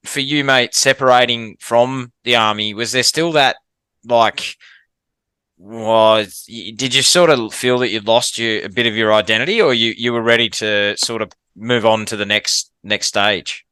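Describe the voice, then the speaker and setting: A man's voice: mid-range voice, steady tone, a little slow, bright, forceful tone, clean tone, dry recording. An Australian man hosting a podcast, asking questions enthusiastically and saying "mate" a lot. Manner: enthusiastic, says "mate" often. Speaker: podcast host, firefighter. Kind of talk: casual podcast interview.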